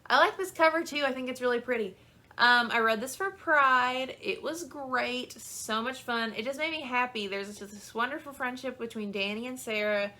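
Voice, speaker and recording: A woman's voice: a little high, moderate pace, bright, forceful tone. A young woman talking about books in a casual video, chatty and gushing, with lots of "um" and "like". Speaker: book vlogger. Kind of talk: casual chat.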